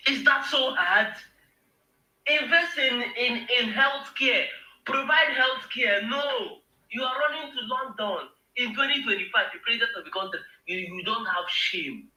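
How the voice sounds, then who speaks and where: A man's voice: extremely high pitch, measured pace, bright, forceful tone, echoey room, low-quality recording. A man with a Nigerian accent, speaking on a live show in an emotional, emphatic rant that repeats words when heated. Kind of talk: impassioned political rant.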